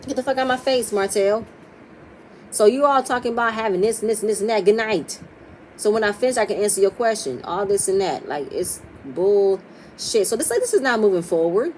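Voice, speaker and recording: A woman's voice: mid-range voice, expressive, a little fast, darkish tone, slight background noise, low-quality recording. A woman recapping a reality TV episode, talking bluntly and profanely and acting out what the cast said. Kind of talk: casual opinionated episode recap.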